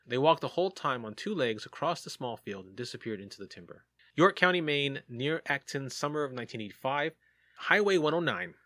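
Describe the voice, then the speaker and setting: A man's voice: mid-range voice, animated, brisk, fairly bright tone, no room sound. A man hosting a casual podcast, reading sighting reports aloud and joking about them. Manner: jokey, reads reports aloud with asides.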